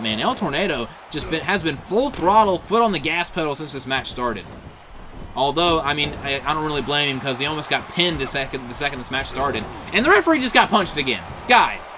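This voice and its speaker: A man calling wrestling matches play-by-play, excitable, packed with exclaimed "oh"s and chuckles at the big moments. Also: fairly high pitch, brisk, background noise. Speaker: play-by-play commentator.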